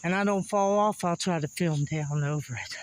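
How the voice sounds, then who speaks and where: Insects and crickets can be heard as a man climbs a wooded hill, chatting folksily to his camera while panting and laughing between breaths. He is a vlogger exploring old sites, speaking at normal speed in a slightly high voice, with the poor audio carrying a bit of hiss or hum.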